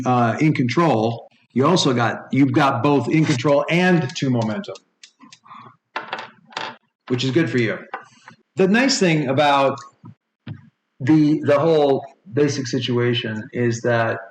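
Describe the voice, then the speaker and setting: A man in his forties running a tabletop game and rambling through rules explanations with many fillers. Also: medium pitch. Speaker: game master. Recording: echoey room with faint noise.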